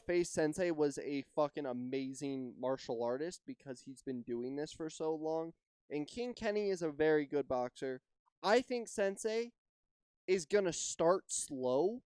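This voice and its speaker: A man hosting a solo podcast, chatting loosely and freely. His voice is smooth and clean, with a dry, close sound and no room around it. He rambles, hedges a lot and swears casually. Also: a little high, darkish tone, no echo. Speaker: podcast host.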